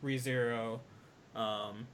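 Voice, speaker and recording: A man with an ordinary mid-range voice talks about shows on a podcast. He rambles in a relaxed way and leans on fillers. A faint rumble runs underneath. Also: drawn-out words. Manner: laid-back, rambling, with fillers and laughs. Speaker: podcast co-host. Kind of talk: casual anime podcast chat.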